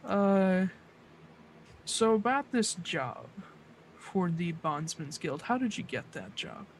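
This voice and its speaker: A game master voicing a calm male investigator who asks measured, probing questions. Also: medium pitch, a little hiss or hum, poor audio.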